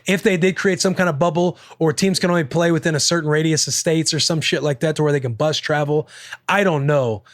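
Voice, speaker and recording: A young man hosting a podcast, chatting casually, rambling and swearing freely with excitable energy. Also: a little high, brisk, no room sound, studio quality. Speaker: podcast host. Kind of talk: casual chat.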